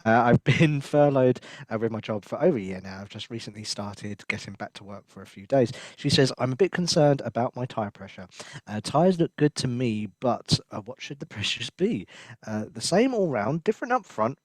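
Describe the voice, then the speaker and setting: Easygoing chuckling podcast co-host. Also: male voice, mid-range voice, animated, normal speed, no room sound, poor audio. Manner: easygoing, chuckling, reads listener letters. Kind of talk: casual banter podcast.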